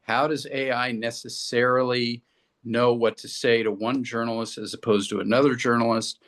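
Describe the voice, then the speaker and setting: A man's voice: mid-range voice, level tone, normal speed, a bit bright. A man co-hosting a business podcast, talking earnestly and restarting his sentences often. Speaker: podcast co-host. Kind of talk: casual discussion.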